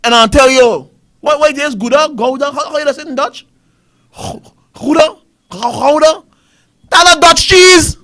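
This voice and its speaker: Male Caribbean talk host, very high bright voice, heated ranting commentary. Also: moderate pace. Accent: Caribbean English. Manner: ranting, repetitive, rhetorical questions. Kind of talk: fiery political commentary.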